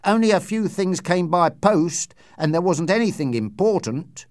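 Male narrator as a deferential manservant, higher voice, dry close recording. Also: lively intonation, moderate pace, no room sound. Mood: respectful. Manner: deferential, matter-of-fact. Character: respectful male household servant. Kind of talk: audiobook character reading.

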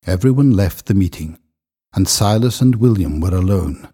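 A man narrating a story in a measured, expressive reading voice. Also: low voice, slightly rough. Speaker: audiobook narrator.

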